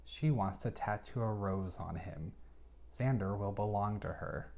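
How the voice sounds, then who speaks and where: A man's voice: lowish voice, a little slow, creaky, a little mellow. Exasperated man recapping a novel. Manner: exasperated, chatty commentary. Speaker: book reviewer. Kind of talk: casual plot recap with reactions.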